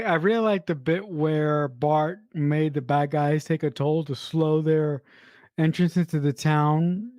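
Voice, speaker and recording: A man's voice: fairly high pitch, darkish tone, no room sound. Emphatic man podcast co-host. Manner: emphatic, repeats words, says "listen". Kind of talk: casual film review chat.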